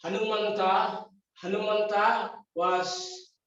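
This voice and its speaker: A man's voice: sits high, slow, a bit bright. A man with an Indian English accent, a yoga teacher lecturing his class in short, repeated, emphatic phrases. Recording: echoey dull recording from a distance.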